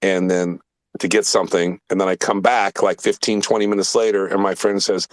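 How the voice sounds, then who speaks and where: Low-voiced profane man telling stories. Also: little pitch movement, a little fast, dry recording. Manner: rambling, profane, emphatic storyteller. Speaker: podcast host. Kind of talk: casual storytelling chat.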